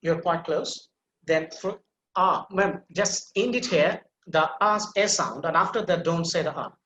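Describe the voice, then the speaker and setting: A man teaching English pronunciation in an online class, patiently repeating words slowly so a student can copy them. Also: fairly high pitch, expressive, bright, forceful tone. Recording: echoey room with faint noise.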